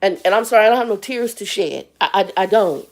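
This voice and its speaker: A blunt, exasperated woman in her fifties hosts a live stream from Arizona, ranting straight to her viewers. Her medium-pitched voice is expressive and she talks fast.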